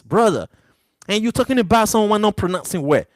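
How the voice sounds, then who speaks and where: A man's voice: high-pitched, animated, brisk, no room sound. A man hosting a live stream, arguing back at chat viewers in a heated, repetitive way, English not his first language. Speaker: livestream host.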